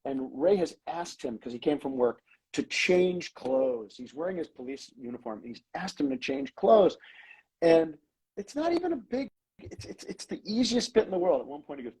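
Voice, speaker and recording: A man, a comedy writer, telling behind-the-scenes stories in a lively way, acting out lines as he goes. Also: on the high side, normal speed, breathy edge, low-quality recording. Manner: animated, acts out lines in quoted voices. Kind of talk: anecdotal storytelling.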